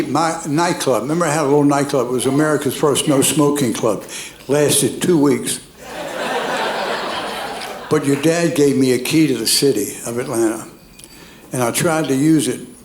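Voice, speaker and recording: A man's voice: mid-range voice, slight background noise. A man, telling a rambling, folksy stand-up set on a comedy club stage. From North Carolina, USA. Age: 80s. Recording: roomy club with audience laughter.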